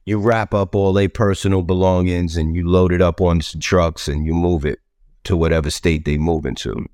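A man's voice: low-pitched, steady tone, moderate pace, darkish tone, clean tone, no room sound, studio quality. A man in his fifties, a trucking company owner, talking casually as an interview guest, rambling and repeating himself with lots of "you know what I mean". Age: 50s.

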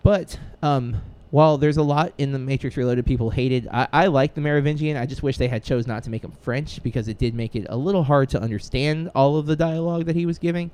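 In this casual podcast chat, a male co-host talks eagerly and loosely, often restarting and filling gaps with filler words. His mid-range voice is smooth and a little mellow, fast and hardly pausing.

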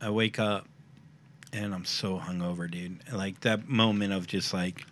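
A man's voice: deep voice, a little slow. A man in his thirties, a comedian, telling stories in casual podcast chat and acting out the quotes. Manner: animated storyteller who acts out quotes.

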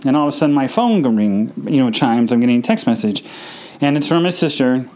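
A man hosting a podcast, telling a personal story in a halting, emotional way, full of fillers and restarts. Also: medium pitch, lively intonation, darkish tone, low-quality recording. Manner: emotional, subdued. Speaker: podcast host.

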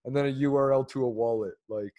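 A man's voice: medium pitch, steady tone, fast, mellow. A man from Canada hosting a casual chat, joking and laughing as he reacts to news clips. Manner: jokey, laughs often, sarcastic asides. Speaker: podcast host.

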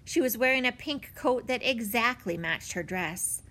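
A woman narrating a children's audiobook in an expressive storytelling manner. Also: a little high, normal speed. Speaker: audiobook reader.

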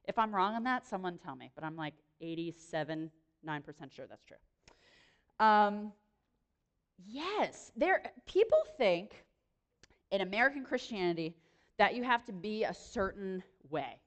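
A young woman speaking to a room, giving a lively, chatty sermon full of quick self-deprecating asides. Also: mid-range voice. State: pregnant. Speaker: speaker at a church or campus gathering. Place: room with an audience.

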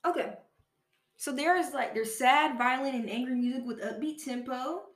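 A woman's voice: high-pitched, normal speed, echoey room. A woman podcast host chatting casually, rambling and correcting herself, with the odd swear word. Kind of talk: casual solo chat.

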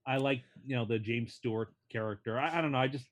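A man's voice: medium pitch, quick pace. A man co-hosting a casual podcast, earnestly and stubbornly defending his opinions. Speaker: podcast co-host.

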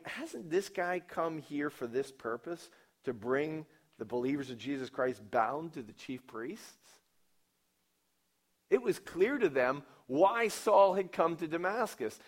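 A man preaching a sermon at a slow, deliberate pace. He questions his listeners and acts out quoted lines. His delivery swings from loud, emphatic declarations down to low, quiet asides. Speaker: pastor.

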